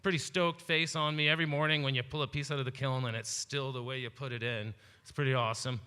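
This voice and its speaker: A man's voice: medium pitch, steady tone, quick pace, sharp tone, clean tone. A man from Canada giving a rambling, jokey talk about his glasswork, full of fillers. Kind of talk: casual comedic slideshow talk. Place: festival presentation hall. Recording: long hall reverb.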